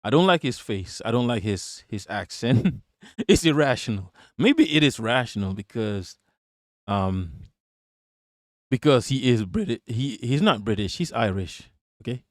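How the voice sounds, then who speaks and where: A man's voice: medium pitch, animated, a little slow, no room sound, studio quality. Blunt, profane man streaming live. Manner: blunt and profane, laughs often, repeats himself. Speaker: live-stream political commentator. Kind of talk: casual live-stream talk, reading chat.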